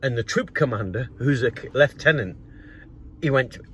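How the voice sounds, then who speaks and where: Animated man telling a story. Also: mid-range voice, moderate pace, slight background noise. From North East England. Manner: animated anecdote with acted quotes and laughs. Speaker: grass cutting business owner and vlogger. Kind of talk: casual storytelling.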